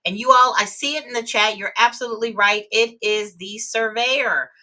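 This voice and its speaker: A woman's voice: fairly high pitch, normal speed, sharp tone. A woman teaching real estate exam vocabulary in a live webinar, explaining terms with everyday examples.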